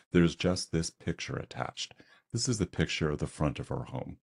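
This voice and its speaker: Very deep-voiced older Canadian man. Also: sing-song, a little fast, vocal fry, a little mellow, breathy edge. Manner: conversational, self-deprecating storyteller. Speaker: webinar presenter. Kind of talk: storytelling presentation.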